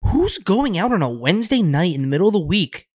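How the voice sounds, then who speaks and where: A man's voice: high voice, big pitch swings, a little fast, a little mellow, no room sound, clean studio sound. A young man co-hosting a casual podcast who jokes around, swears freely and tells his own side stories. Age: young adult. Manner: joking, swears casually, chimes in. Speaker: co-host.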